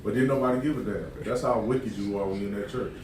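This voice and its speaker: A man's voice: on the low side, fast, a little mellow. A man hosting a talk show in casual chat, speaking emphatically and agreeing with the caller. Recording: roomy, distant mic with crowd noise.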